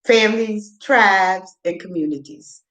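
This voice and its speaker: A woman's voice: medium pitch, measured pace, fairly bright tone, poor audio. A woman chatting loosely to viewers in a casual livestream, rambling from topic to topic and laughing often. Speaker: vlogger.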